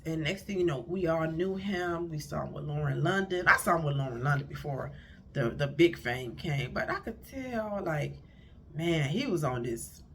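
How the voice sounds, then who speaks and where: A woman's voice: on the low side, fairly bright tone, a little hiss or hum. A middle-aged woman, a marriage counselor, giving blunt, rambling relationship advice, recorded on her phone. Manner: chatty, blunt, rambling with self-corrections. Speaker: marriage counselor and life coach vlogger. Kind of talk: casual advice monologue to camera.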